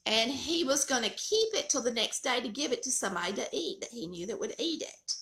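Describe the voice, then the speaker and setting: Southern lady chatting family stories, high and bright, bouncy voice. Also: a little fast, reverberant. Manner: folksy, animated storyteller. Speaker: cooking channel host. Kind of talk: casual storytelling chat.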